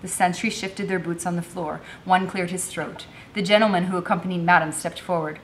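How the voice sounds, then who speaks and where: Woman reading a novel aloud, lowish voice. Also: steady tone, fairly quick, few pauses, a little hiss or hum.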